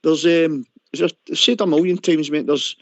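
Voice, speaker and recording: A man's voice: a little high, steady tone, moderate pace, no echo. A man with a Scottish accent calling a radio phone-in, chatting casually and calling everyone mate. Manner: chatty, keeps saying mate. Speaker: caller. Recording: muffled phone-in audio.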